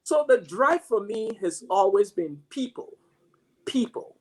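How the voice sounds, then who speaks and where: A man's voice: high voice, lively intonation, a little slow, a little mellow. A man who teaches mathematics, giving a reflective, story-driven motivational talk with frequent restarts. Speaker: mathematics professor.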